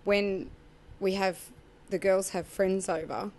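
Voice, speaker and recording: A woman's voice: medium pitch, fairly even intonation, slow, a little mellow. An Australian woman telling amused family anecdotes in a documentary interview. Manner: chatty, amused storyteller.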